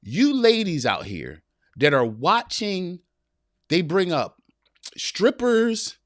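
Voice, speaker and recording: Man, podcast host, animated, preachy, direct to viewers, dry close sound. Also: on the high side, takes it slowly, no room sound. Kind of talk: live-stream podcast talk, reading chat.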